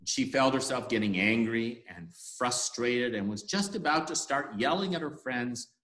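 A man leading worship, telling a story for all ages with animated storytelling, in an echoey room. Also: medium pitch, unhurried.

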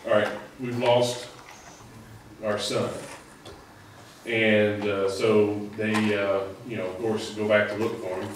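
Brief: man, low-ish voice, rambling sermon preacher, heard from a distance in a very echoey church. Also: level tone, slow, a little hiss or hum. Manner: conversational, rambling with many fillers. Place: church sanctuary. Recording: echoey hall, mic at a distance.

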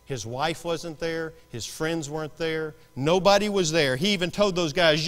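A man preaching a sermon, swinging between hushed lines and sudden shouts. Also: a little high, moderate pace, few pauses, big-room sound. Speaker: pastor. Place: church sanctuary.

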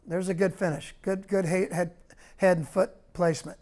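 A man's voice: high voice, steady tone, moderate pace, a little mellow. A middle-aged man, a football coach, talking over practice film in clipped coaching cues and repeating words.

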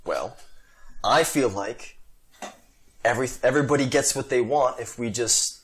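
A player in a tabletop game speaks with a wry, laughing manner. The voice sits at a middle pitch. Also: moderate pace. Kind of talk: casual tabletop play.

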